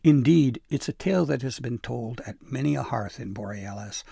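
Creaky-voiced man reading a storybook. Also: medium pitch, lively intonation, moderate pace, mellow, no room sound, clean studio sound. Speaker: narrator.

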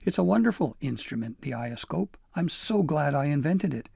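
A man's voice: on the high side, animated, moderate pace, vocal fry, dark tone, slightly rough, no room sound, studio quality, exaggerated voice. A man voicing a jolly, proud old male elf inventor who talks in hearty exclamations.

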